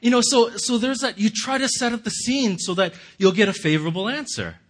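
A man's voice: high-pitched, brisk. A man giving a casual, conversational sermon, often chuckling and restarting his sentences. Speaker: pastor.

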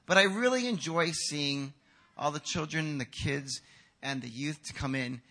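A man preaching a sermon as pastor, animated and acting out quotes. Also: on the high side, normal speed. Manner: animated, acts out quotes with shouts. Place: church hall.

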